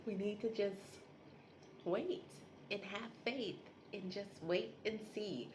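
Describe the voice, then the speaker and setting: A woman voicing a calm, patient witch woman from a TV show, speaking softly and unhurriedly. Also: mid-range voice, a little hiss or hum, natural voice. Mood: calm patience. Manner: soft, unhurried, reassuring.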